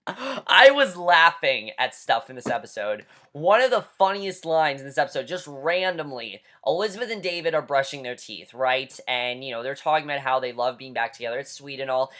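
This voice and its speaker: Exasperated vlogger, casual profane rant, mid-pitched voice, mocking delivery. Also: animated, moderate pace, background noise. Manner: exasperated, mocking, swears often, repeats "honestly". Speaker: vlogger reviewing a TV episode.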